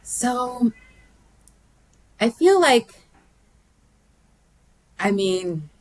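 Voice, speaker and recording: A woman's voice: fairly high pitch, very animated, extremely slow. A woman talking casually about a film with her son, rambling with many restarts and fillers. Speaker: guest, host's mother. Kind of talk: casual film review chat.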